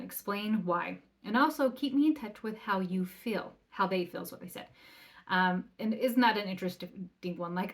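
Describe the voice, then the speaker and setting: A woman in her thirties talks straight to her listeners in a relaxed podcast monologue, with her pitch in the middle range for a woman. She keeps asking them rhetorical questions and briefly acts out the voices of parents and kids. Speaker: parenting coach and podcast host. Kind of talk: casual solo podcast talk.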